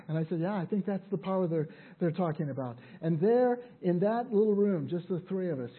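An older man preaching a sermon as a pastor, telling personal stories in an earnest, halting way with many restarts. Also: fairly high pitch, slightly rough. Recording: tinny phone-like sound.

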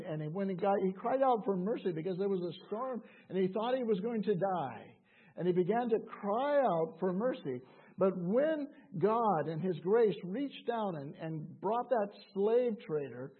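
A man preaching a sermon, earnest and slow, with dramatic pauses and quoted voices. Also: high voice, breathy edge. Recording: tinny phone-like sound.

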